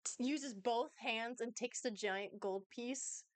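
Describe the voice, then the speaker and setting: Young woman running a tabletop game, bit high voice, dry close mic, laughs a lot. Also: slow pace, no room sound. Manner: lively, laughs between lines. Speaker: game master.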